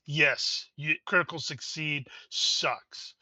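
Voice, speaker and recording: A man's voice: on the high side, slow pace, pushed and bright, no echo. A man playing a tabletop game over voice chat, cheering teammates on and cracking jokes. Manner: cheering, jokey. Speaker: player.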